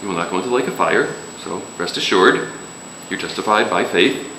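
A man's voice: low voice, animated, a little fast, noisy background. A man preaching a sermon in a casual, joking way, with sudden emphatic rises. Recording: echoey room with faint ambience.

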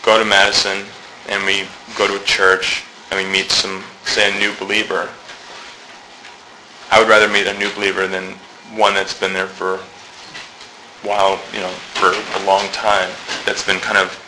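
A man's voice: low-pitched, completely flat delivery, moderate pace, pushed and bright, a little hiss or hum, rough recording. A man talking casually in a church discussion group, chatty, acting out quoted remarks and laughing often.

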